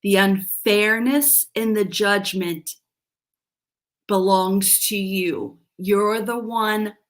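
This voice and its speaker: A middle-aged woman giving a live-streamed coaching talk, earnest and self-deprecating, often restarting her sentences. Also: mid-range voice. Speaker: life coach.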